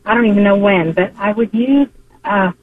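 A woman's voice: medium pitch, moderate pace, dry recording. A woman calling in to a radio show, talking earnestly with small halts and fillers. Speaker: caller. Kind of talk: phone-in call to a radio show. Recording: tinny phone line, dry.

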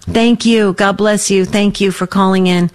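A woman's voice: medium pitch, steady tone, unhurried, smooth. Female call-in host with a mid-range voice who cheers callers on. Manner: affirming, encouraging. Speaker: radio show host. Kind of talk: call-in radio talk.

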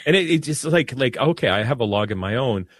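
Animated Catholic priest, lively pitch. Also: male voice, a little fast, dry recording, studio quality. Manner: earnest, animated, many restarts. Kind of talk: casual religious discussion.

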